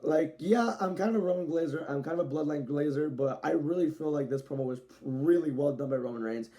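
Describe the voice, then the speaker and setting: Young male vlogger, warm low-key timbre, slightly high pitch, loose slangy delivery with frequent restarts. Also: brisk. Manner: loose, rambling, self-correcting, slangy. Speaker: wrestling show reviewer. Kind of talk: casual video review.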